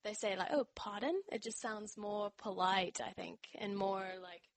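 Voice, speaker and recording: A woman's voice: medium pitch, level tone, normal speed, creaky. A young woman from North Carolina with a blended American accent that has Australian, New Zealand and British touches. She talks chattily, with many fillers. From North Carolina, USA. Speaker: interview guest. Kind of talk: casual interview chat.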